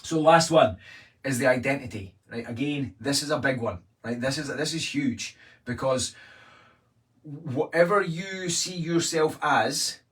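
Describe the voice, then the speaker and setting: A Scottish man coaching live, talking in a blunt, energetic way and swearing freely. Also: mid-range voice, a little slow, far from the mic. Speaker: weight-loss coach. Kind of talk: live-streamed coaching talk.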